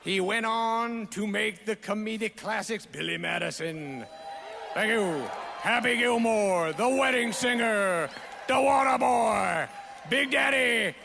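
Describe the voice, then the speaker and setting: A man delivering a comic acceptance speech in a put-on Southern drawl, shouting out his punchlines. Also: sits high, takes it slowly, creaky, some chatter behind, a little hiss or hum, heavily acted. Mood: mock boastful. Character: goofy Southern-drawling man, brash and crude. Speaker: award recipient giving a speech.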